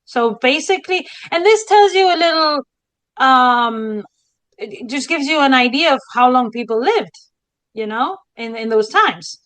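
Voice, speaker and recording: A woman's voice: high voice, lively intonation, measured pace, fairly bright tone, no echo, poor audio. A woman from Spain, a historian co-hosting a casual podcast chat in a dramatic, theatrical way. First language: Spanish. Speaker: historian co-host.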